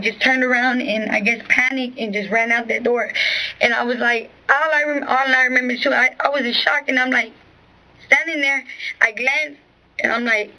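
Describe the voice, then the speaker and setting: A woman with a somewhat high voice tells her account to an interviewer. She rambles, curses freely and keeps restarting her sentences with filler phrases. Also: bright, forceful tone, rough recording. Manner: rambling, profane, full of restarts and "you know what I'm saying". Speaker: witness being questioned.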